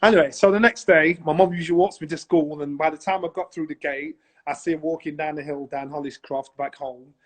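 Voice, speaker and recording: A man telling a childhood story over a video call, animated and acting out the voices of people in it. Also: a little high, brisk. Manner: animated, acts out voices in his anecdotes. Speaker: guest. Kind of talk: casual storytelling in a conversation.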